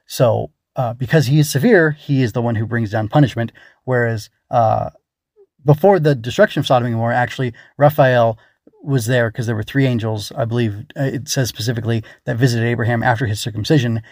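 A man's voice: mid-range voice, fairly quick, darkish tone, no room sound. Man, casual rambling solo talk, pedantic, dry close sound. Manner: rambling, many fillers and restarts; thinking aloud, pedantic. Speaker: writer.

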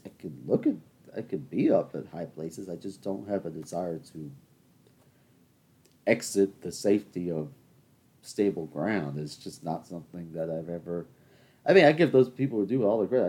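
A young man with a deep, low voice rants on his own show. He rambles through stories, stops to talk straight to his listeners, and keeps a loose, joking tone. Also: dark tone, slightly rough. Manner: chatty, rambling, addresses listeners as people. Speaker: podcast host. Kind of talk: solo comedic rant.

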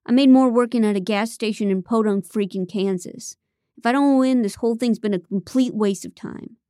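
A defensive, evasive young man on a reality show, voiced by a woman narrating an audiobook. He backpedals and stammers when pressed. The voice is mellow and sits close and dry. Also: fairly high pitch, moderate pace, dry recording, natural voice.

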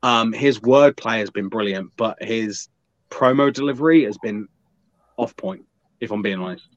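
A man's voice: on the low side, moderate pace, no echo. A man telling a profane, rambling anecdote on a podcast, slipping into quoted voices. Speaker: podcast guest. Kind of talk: casual storytelling. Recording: dull, slightly lo-fi dry sound.

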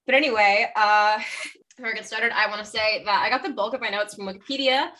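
A woman's voice: mid-range voice, fairly even intonation, fast, bright, forceful tone, far from the mic. A woman co-hosting a podcast in casual chat, presenting her research in a rambling, chatty way with frequent self-corrections.

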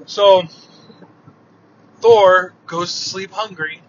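A man retelling an old myth aloud in a relaxed, vivid storytelling manner. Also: high voice, very slow. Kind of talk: oral storytelling of myths. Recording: dull lo-fi with faint noise.

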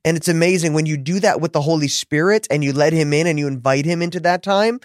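A man hosting a faith podcast, talking fervently and slowing into heartfelt prayer. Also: on the high side, no echo, studio quality. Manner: fervent, preacherly, slows into prayer. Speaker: podcast host.

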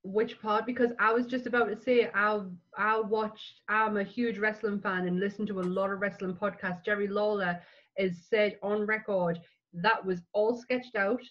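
A woman chatting casually, telling a story quickly and emphatically. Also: medium pitch, steady tone, fairly bright tone, highs cut off. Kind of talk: casual chat.

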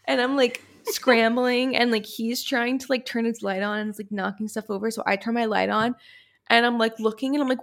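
A woman co-hosting a casual podcast chat. She tells stories animatedly, acts out quotes with big pitch jumps, and fills her speech with "like". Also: steady tone, fairly quick, creaky. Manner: heavy use of "like" as filler. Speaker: podcast co-host.

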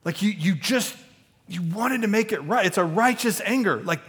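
A man preaching a sermon as pastor, talking conversationally with many fillers and restarts, growing animated as he goes. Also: high-pitched, normal speed, breathy edge.

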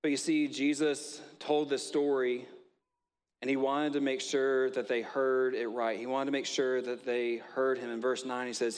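A man's voice: medium pitch, level tone, normal speed, clean tone, big-room sound. A male pastor giving a sermon in a conversational way, mixing stories and light jokes.

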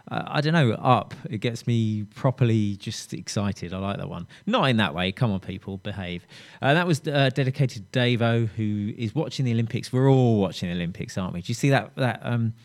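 A middle-aged man presenting a music radio show in a chatty, rambling way, often breaking off mid-thought. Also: on the low side. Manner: chatty, rambling, self-interrupting. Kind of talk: casual radio chat.

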